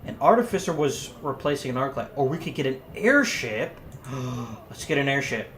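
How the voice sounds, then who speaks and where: Animated man reading a game aloud. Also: mid-range voice, normal speed. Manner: animated, gasping reactions. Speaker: let's play host. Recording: roomy echo, faint noise.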